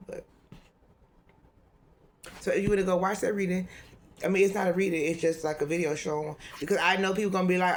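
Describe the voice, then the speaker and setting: A woman's voice: lowish voice, steady tone, fast, long pauses, a little hiss or hum. A woman tarot reader talking in a loose, rambling monologue, swearing freely and laughing often.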